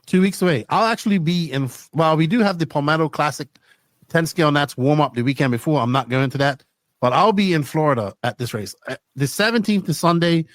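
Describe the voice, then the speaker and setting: A man hosting a podcast in casual, rambling talk, often excited. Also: on the high side, fairly quick, no echo. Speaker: podcast host.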